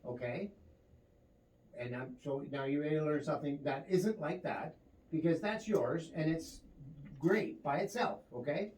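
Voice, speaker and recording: A man teaching a one-on-one drum lesson, coaching his student and counting the beats out loud. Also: on the high side, measured pace. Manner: coaching, counts beats aloud over the playing. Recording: roomy, distant mic, loud drums behind.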